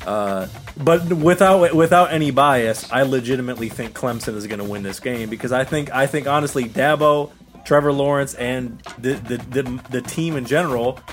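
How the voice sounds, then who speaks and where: A man in the middle of the usual male pitch range talks college football picks in a chatty, halting way, starting his sentences over and over. Faint music runs under his voice. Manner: chatty, halting, many restarts. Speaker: podcast co-host. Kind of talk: casual sports talk.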